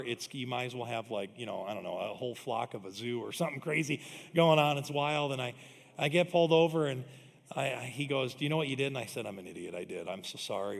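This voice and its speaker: A man's voice: mid-range voice, creaky. A man preaching a sermon as pastor, telling self-deprecating stories and laughing often. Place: church auditorium. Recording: long hall reverb.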